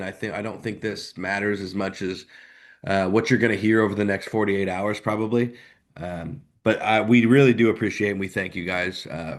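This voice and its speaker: Man ranting heatedly on a podcast. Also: on the low side. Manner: heated ranting, voice jumping up when worked up. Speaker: podcast co-host. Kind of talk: live sports podcast chat.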